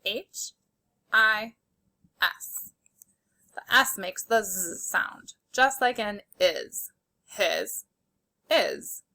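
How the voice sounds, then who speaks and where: A woman's voice: mid-range voice, lively intonation, drawn-out words, vocal fry, bright, forceful tone. A woman teaching a spelling lesson to young children, patiently sounding out letters and praising their work. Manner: encouraging and praising.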